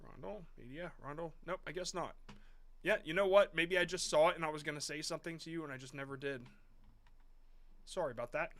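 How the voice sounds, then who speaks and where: A man in his thirties talks through viewers' videos on a live stream, loose and rambling, with restarts and the odd swear word. His voice sits a little high and sounds bright and forceful. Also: a little fast. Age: 30s. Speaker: host reviewing viewers' short videos. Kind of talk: casual live-stream commentary.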